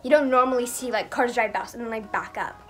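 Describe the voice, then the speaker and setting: A woman's voice: a little high, quick pace, fairly bright tone, soft background music. A young woman telling a storytime vlog in casual chat, rambling with many fillers and acting out what people said. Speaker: vlogger.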